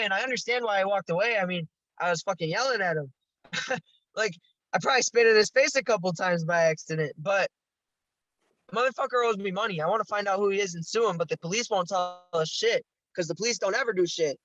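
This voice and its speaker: A man's voice: sits high, fairly quick, a bit bright, no room sound, muffled recording. A young man telling a story as a podcast guest, casual and profane, laughing now and then.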